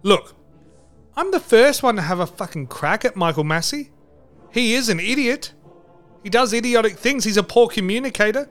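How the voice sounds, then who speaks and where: A man with a high-sitting voice hosts a comedic podcast. He rants crudely and with mock outrage. Music plays faintly behind him. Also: lively intonation, moderate pace, a bit bright. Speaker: podcast host.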